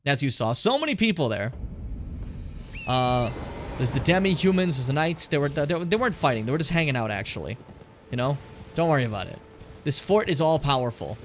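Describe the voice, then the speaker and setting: A man's voice: medium pitch, animated, brisk, slight background noise. A man streaming a video game, giving casual commentary, chatty and joking, swearing freely and talking to his viewers.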